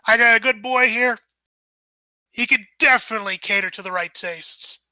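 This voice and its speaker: Boastful male boss, measured, bright voice, woman voicing it. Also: fairly high pitch, no room sound. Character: proud middle-aged male crime boss, boastful.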